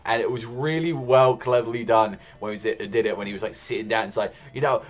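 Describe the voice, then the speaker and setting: A man giving a casual, excited manga chapter review, rambling with lots of fillers and swearing. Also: fairly low pitch, brisk, few pauses.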